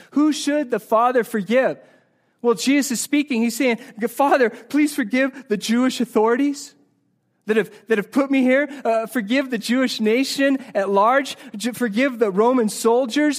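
A man from the United States preaching a sermon to his church, earnest, moving between loud emphasis and hushed, slow passages. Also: high-pitched. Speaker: pastor. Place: church sanctuary.

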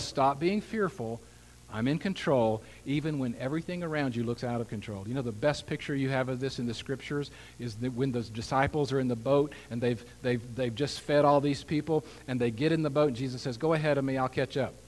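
A man preaching from the pulpit, his somewhat high voice carrying a long reverb through a large hall. He drops low and hushed for personal asides, then climbs loud and high to drive a point home, now and then slipping in a dry joke. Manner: animated preaching with wide swings in pitch and loudness, wry asides. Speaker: pastor. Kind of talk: sermon.

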